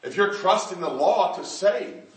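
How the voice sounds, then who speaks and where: Fiery high-pitched preacher. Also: male voice, expressive, measured pace. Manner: fervent, builds to shouting. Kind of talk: sermon. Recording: echoey room, distant mic.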